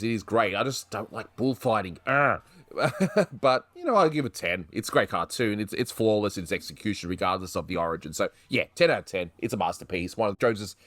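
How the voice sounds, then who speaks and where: A man hosting a casual cartoon review chat, easygoing and animated as he gives his verdict. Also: fairly low pitch, dry recording. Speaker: host.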